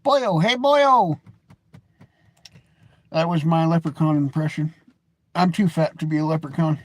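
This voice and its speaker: A man's voice: fairly high pitch, level tone, a little fast, a little mellow. An American man in his forties, talking to camera in a rambling, jokey and blunt monologue as a vlogger. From United States. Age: 40s. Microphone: webcam or phone camera, seated.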